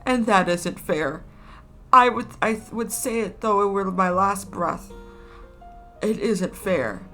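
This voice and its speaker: Brief: woman reading sulky, blustering Edwardian-style dad, grumbling with a gravelly edge. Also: medium pitch, moderate pace, a bit bright, soft background music, close to an everyday voice. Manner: blustering and petulant. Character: pompous, sulky middle-aged father.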